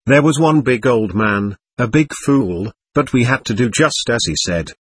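A man reading aloud as an indignant, bewildered ghost who denies being dead, in a husky voice. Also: mid-range voice, lively intonation, unhurried, no echo. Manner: defiant, suspicious and bewildered. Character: indignant confused ghost of a dead adult, hostile.

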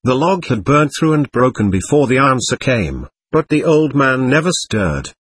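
Guy reading a spooky novel aloud, husky, dry close sound. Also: mid-range voice, dry recording. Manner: even, measured reading of ornate prose. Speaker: audiobook narrator. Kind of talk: scripted narration.

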